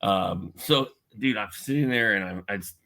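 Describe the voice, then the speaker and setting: This middle-aged podcast guest from Indiana, USA, shares a personal story with energy, imitating the voices he quotes in a casual chat. His lowish voice is creaky with a sharp tone, at normal speed.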